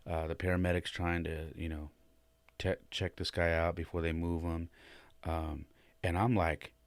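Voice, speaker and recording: A man's voice: sits low, normal speed, no echo. A man hosting a podcast, telling a shaken personal story in a casual way, with lots of fillers and quoted voices. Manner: retells with animated quoted voices, many fillers. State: shaken and emotional. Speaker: podcast host.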